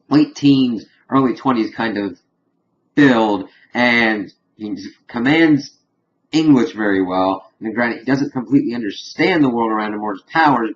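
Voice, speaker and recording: A man's voice: medium pitch, dull audio. A man giving a casual, rambling recap of a TV episode, leaning heavily on fillers as he retells the plot. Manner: rambling, filler-heavy storytelling. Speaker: TV episode reviewer.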